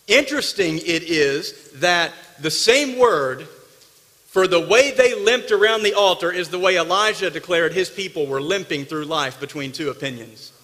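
A pastor preaches emphatically in a church sanctuary, his high, bright voice with a sharp edge swinging between forceful loud bursts and hushed, intimate asides. His intonation is lively and his speed normal, and a long echo fills the hall around him.

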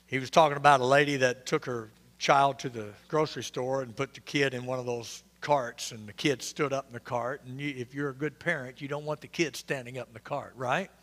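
A man's voice: mid-range voice, fairly even intonation, brisk, hardly any pauses, fairly bright tone, big-room sound. A male pastor, preaching an interactive, joking sermon and questioning his congregation. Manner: conversational, quizzing the congregation, joking asides. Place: church sanctuary.

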